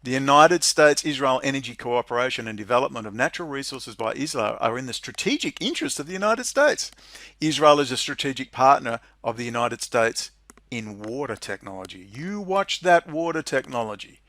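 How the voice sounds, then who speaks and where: A man reading out a policy document and ranting about it in sarcastic commentary, often breaking into mocking, high-pitched laughter. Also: very animated, a little fast, a bit bright, no room sound. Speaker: political commentary vlogger.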